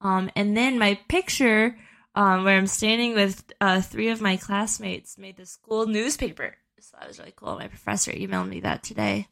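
A woman's voice: mid-range voice, moderate pace, creaky, a bit bright. A woman in her twenties co-hosting a podcast, chatting casually and telling a long story with plenty of fillers and restarts. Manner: rambling storytelling with many fillers. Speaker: podcast co-host. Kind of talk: casual chat.

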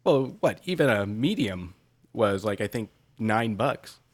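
A middle-aged man co-hosting a casual podcast chat, wry and quick to laugh, swearing casually. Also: fairly low pitch, lively intonation, dry recording. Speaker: podcast co-host.

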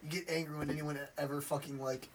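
A man's voice: a little high, level tone, fast talker, a little hiss or hum. A man co-hosting a podcast in casual chat, giggly and crude, cutting in with jokes. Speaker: podcast co-host.

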